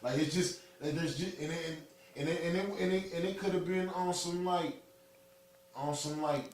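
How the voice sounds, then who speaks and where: A man hosting a podcast, chatting casually in profane slang and prompting his guest with quick replies. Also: fairly high pitch, fairly even intonation, slight background noise. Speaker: podcast host. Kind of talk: casual chat. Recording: echoey room.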